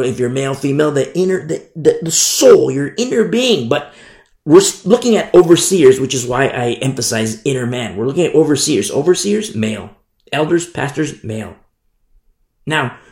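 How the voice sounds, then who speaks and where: A man delivers a sermon as a pastor, his voice a touch high and gravelly. He preaches emphatically, repeating phrases and sometimes mimicking hypocrites mockingly. The sound carries a roomy echo. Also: a little mellow.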